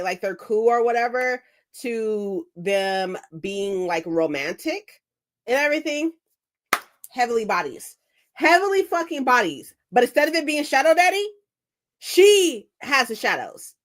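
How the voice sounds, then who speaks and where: A woman, chatting casually on a live stream, rambling excitedly and swearing freely. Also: fairly high pitch. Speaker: book streamer.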